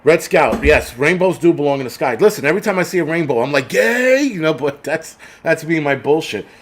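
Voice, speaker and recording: On a livestream, a man with a voice on the high side talks at a quick pace, thanking viewers for their donations. He rants bluntly, swears heavily, and keeps restarting his sentences.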